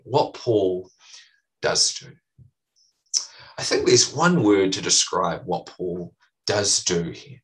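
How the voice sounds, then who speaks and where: A man's voice: mid-range voice, fairly bright tone, recorded from a distance, poor audio. A man preaching a sermon as pastor, teaching earnestly and emphatically, repeating key phrases.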